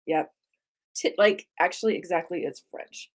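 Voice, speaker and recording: A woman's voice: medium pitch, lively intonation, moderate pace, darkish tone. Playful woman hosting a kids' lesson. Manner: playful, teasing, laughs often; quizzing a child on vocabulary. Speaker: host of a live kids' art tour. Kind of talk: live-stream lesson for kids.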